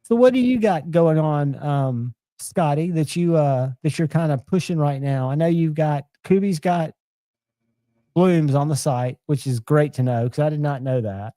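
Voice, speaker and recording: A man's voice: on the high side, moderate pace, dark tone, dry recording. A man, chatting casually and enthusiastically as host of a live knife show.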